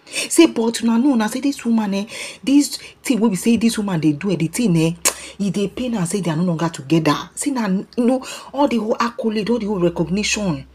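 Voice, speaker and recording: Nigerian female gossip vlogger, husky mellow voice, lively street-talk delivery. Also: medium pitch, quick pace, few pauses. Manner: animated, keeps calling out "my people", mixes Pidgin and English. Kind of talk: casual celebrity gossip commentary.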